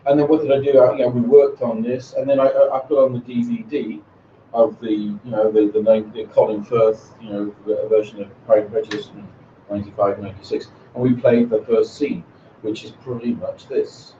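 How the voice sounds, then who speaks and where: Halting man leading a workshop. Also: mid-range voice, little pitch movement, a little hiss or hum. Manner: halting, repeats words often. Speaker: teacher trainer. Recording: roomy, distant, dull recording.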